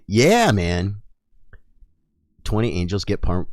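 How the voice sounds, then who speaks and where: A man live-streaming a video game, chatting excitedly with his viewers in a casual, mildly swearing way. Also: on the low side, brisk, no echo, clean studio sound. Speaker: gaming streamer.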